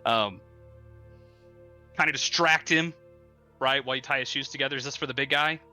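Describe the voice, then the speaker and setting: Man, game master, very bright tone, casual rambling narration, faint music behind. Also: mid-range voice, normal speed. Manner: casual, filler-heavy narration.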